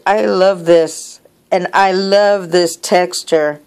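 Emotional slow-talking gravelly woman vlogger. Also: medium pitch. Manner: emotional, tearful, gushing; rambling with many restarts and soft asides. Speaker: vlogger opening happy mail. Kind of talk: casual vlog.

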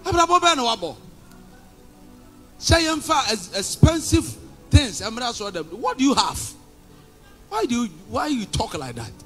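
A male pastor with a Ghanaian accent preaching a combative sermon, shouting and sliding into sing-song phrases. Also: very high voice, huge pitch swings, a little slow, long pauses, faint music behind. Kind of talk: fiery sermon.

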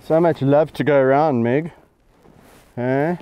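A wildlife sanctuary keeper in middle age speaks slowly in a slightly high, clean voice, with the highs cut off in the recording. He's outdoors in the bush, laughing and talking fondly to animals as he coaxes and teases them on a handheld camera.

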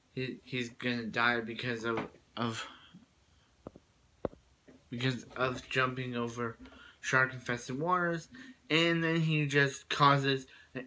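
A man's voice: mid-range voice, sharp tone. Rambling man recapping an episode. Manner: rambling, many fillers and restarts. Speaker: show reviewer.

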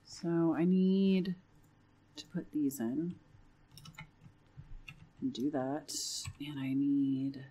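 A woman's voice: deep voice, steady tone, extremely slow, pauses often, warm tone, husky, lo-fi sound. A young woman giving casual commentary while playing a building game, chatty and nervous, often repeating reassurances to herself under her breath. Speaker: Minecraft let's play creator.

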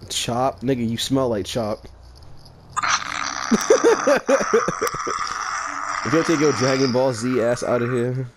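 A man's voice: medium pitch, fairly even intonation, normal speed, few pauses. A man trash-talking and laughing with friends during an online racing game session. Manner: teasing, laughs often, trash talk. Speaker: gamer host. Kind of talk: casual gaming chat with friends. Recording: noisy voice chat with clicks.

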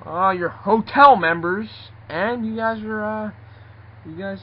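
A man's voice: high-pitched, slow, highs cut off, a little hiss or hum, voice pushed up. A man voicing a pompous male host of a toy reality contest who rambles and stumbles over his words. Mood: pleased.

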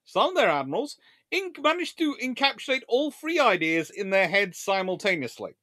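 A man hosting a live-stream history lecture, telling his story in an animated, theatrical way. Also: high-pitched, moderate pace, no echo, clean studio sound. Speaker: naval historian host.

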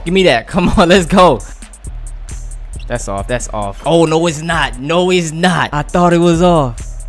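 A young man giving hyped, slang-heavy gameplay commentary, reacting loudly and trash-talking his opponents. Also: on the high side, expressive, measured pace, soft background music. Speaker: gaming YouTuber.

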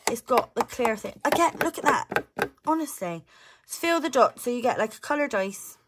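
Chatty excitable woman vlogging. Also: on the high side, normal speed, heavy background noise. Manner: chatty, excitable, talks to viewers. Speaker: budgeting vlogger. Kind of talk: casual chat to camera while unboxing.

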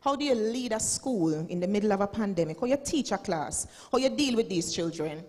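A woman's voice: mid-range voice, expressive, brisk, darkish tone, in a large hall. A Jamaican woman in her forties, a school principal giving a dramatic, preachy motivational speech and slipping into Patois. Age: 40s. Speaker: school principal and keynote speaker.

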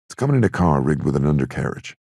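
A man with a very deep, gravelly voice voicing a blustery, streetwise young male gangster in an audiobook. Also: very animated, fast talker, dark tone, no room sound, full character voice. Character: brash young male Prohibition-era gangster.

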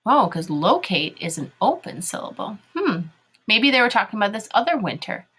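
A woman's voice: medium pitch, very animated, moderate pace, a bit bright, husky. A woman teaching a phonics lesson to young children, spelling words out letter by letter and sounding them out in an encouraging way.

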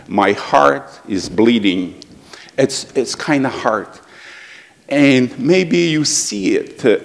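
Slow Ukrainian-accented man in echoey church. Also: medium pitch. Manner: earnest, halting non-native English. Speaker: guest speaker at church. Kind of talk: heartfelt church talk. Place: church sanctuary.

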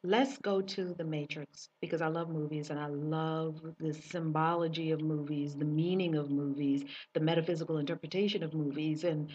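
A woman with a husky, slightly breathy voice gives a personal spiritual monologue to camera, circling back on her phrases for emphasis. She sits back from the mic, and the sound is dull and muffled. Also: low voice. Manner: repetitive, emphatic storytelling. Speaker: spiritual teacher. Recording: dull distant recording.

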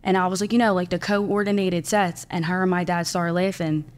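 A woman's voice: lowish voice, little pitch movement, fairly quick. A young woman from Philadelphia, a small business owner chatting as a podcast guest, telling her story with lots of quoted asides. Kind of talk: casual interview chat.

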